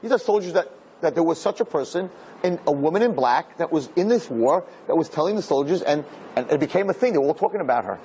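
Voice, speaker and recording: A man, a rabbi, telling an inspirational story to an audience in an animated way, repeating words for emphasis and mixing in Hebrew terms. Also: fairly high pitch, quick pace, a little hiss or hum.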